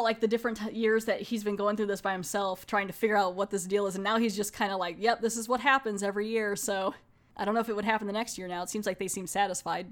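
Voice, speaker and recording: A woman casually reviewing a horror anthology film, retelling scenes in a chatty way with quoted lines. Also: medium pitch. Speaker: movie reviewer.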